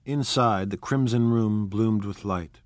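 Low-voiced man narrating a novel. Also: measured pace, dry recording. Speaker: audiobook narrator. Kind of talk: scripted narration.

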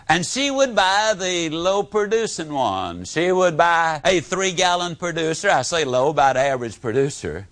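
A man giving a motivational talk, telling homespun stories and swinging from booming emphasis to hushed tones. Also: no room sound. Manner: folksy storyteller, swooping from booming to hushed. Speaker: motivational speaker.

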